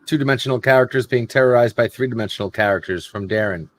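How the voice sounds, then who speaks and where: A man in a casual chat, tossing in quick agreeing remarks. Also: mid-range voice, fairly bright tone.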